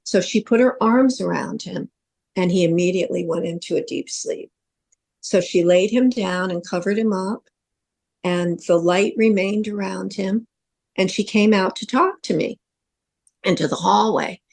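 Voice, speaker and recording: A woman's voice: medium pitch, unhurried, gravelly, darkish tone. A middle-aged woman, a psychic medium co-hosting a podcast, earnestly recounting a vivid dream in casual storytelling.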